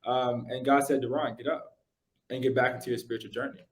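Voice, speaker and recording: A young man, a podcast guest, casually telling his story in animated, slangy speech full of "like" and "yo". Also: medium pitch, a little fast.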